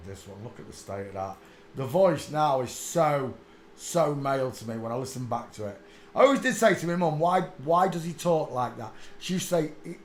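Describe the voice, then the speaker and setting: A channel host with a mid-range voice offers casual, rambling commentary while hunting for pictures on screen, muttering to himself before bursting into sudden loud laughter. The room is echoey, with faint ambient noise.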